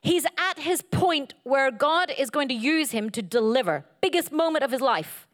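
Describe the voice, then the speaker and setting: A middle-aged woman preaching a sermon, animated and playful, telling humorous stories and slipping into silly voices. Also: moderate pace. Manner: animated, playful, jumps into high silly voices for quoted lines.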